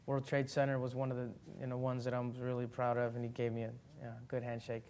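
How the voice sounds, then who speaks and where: A man of middle pitch tells a story at a Q&A, all loose and animated, full of fillers and restarts. He breaks into laughter partway through his sentences and keeps winding back to his point. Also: fast talker, a little hiss or hum. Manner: laughs as he talks. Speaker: actor guest. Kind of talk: casual anecdote at a Q&A.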